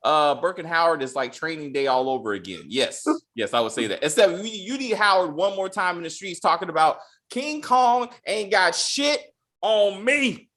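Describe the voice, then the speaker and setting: A man hosting a casual TV recap chat, animated and profane, breaking into mock voices of characters. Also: fairly high pitch, fairly quick, few pauses. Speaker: podcast host.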